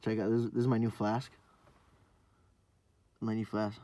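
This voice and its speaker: A young man hosting a podcast, telling a rambling, profane story in a casual monologue full of fillers, sometimes dropping to a low mumble. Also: flat delivery, unhurried, mellow, no room sound. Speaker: podcast host.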